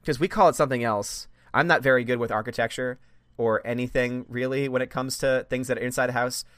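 A man's voice: mid-range voice, steady tone, quick pace, a bit bright, no echo, clean studio sound. An American man hosting a live stream, rambling and apologetic in casual chat. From United States. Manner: apologetic, rambling, self-deprecating. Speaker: streamer host.

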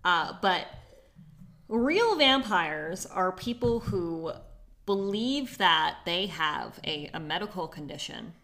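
A woman's voice: fairly low pitch, animated, slow pace, fairly bright tone. A young woman co-hosting a casual podcast chat, laughing often and reading out quotes in put-on accents. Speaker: podcast co-host.

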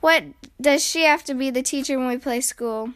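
A woman voicing a quick-tempered young girl bear cub in a storybook, with lively, indignant outbursts. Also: high voice, no echo. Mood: spirited.

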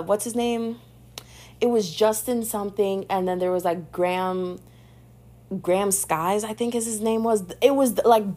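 A young woman hosting a podcast, chatting in a sassy, animated way about pop culture and calling the listener "babes.". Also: medium pitch. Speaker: podcast host. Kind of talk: casual pop-culture gossip commentary.

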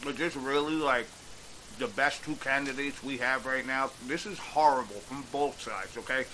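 A man's voice: medium pitch, moderate pace, sharp tone, slight background noise, poor audio. A man delivering a blunt, exasperated opinion rant on a vlog, swearing freely as he goes. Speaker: political commentator.

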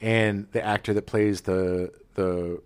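A man's voice: lowish voice, slow, clean tone. A middle-aged man co-hosting a podcast, chatting casually and telling stories with animation and frequent laughs. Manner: animated storyteller, laughs often. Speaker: podcast co-host. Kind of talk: casual chat.

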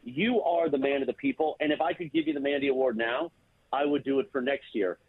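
A man calling in to a radio show, bantering in an animated, teasing way with mock-grand praise. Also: mid-range voice, brisk, slightly rough, no room sound. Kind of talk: casual sports radio banter. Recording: tinny phone line.

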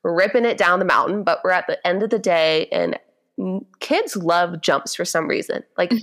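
Young woman in her 20s, gentle voice, chatty storyteller, says like a lot. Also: lowish voice, normal speed. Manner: chatty, animated storyteller with lots of "like". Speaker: podcast guest. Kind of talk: casual chat, storytelling.

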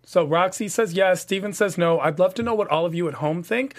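A man hosting a TV after-show panel in casual chat, switching into animated, theatrical delivery for his sign-off pitches. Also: brisk, few pauses. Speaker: podcast panel host.

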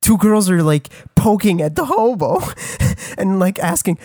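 A man's voice: high voice, expressive, unhurried, darkish tone, dry recording. A man tells a story at length, tripping over his words, restarting mid-sentence and dropping swear words. His voice sits close to the mic in a dry, dead room. The tone is loose podcast chatter. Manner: rambling with frequent restarts and swearing. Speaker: podcast co-host. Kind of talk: casual storytelling.

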